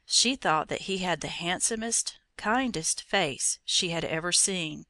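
A woman reading an old fairy tale aloud in a measured, expressive storytelling manner. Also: lowish voice, no echo. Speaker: narrator.

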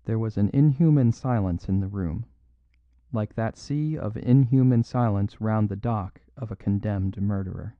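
Low-voiced male narrator, dry and muffled. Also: moderate pace, no echo. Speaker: audiobook narrator. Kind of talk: scripted narration of a classic mystery.

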